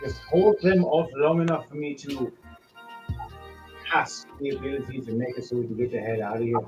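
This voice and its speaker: A man's voice: mid-range voice, steady tone, normal speed, darkish tone, dull audio, faint music behind, lightly acted. A man voicing a foul-mouthed, irritable male wizard who curses constantly. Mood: grudging. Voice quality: crude, swearing, cranky.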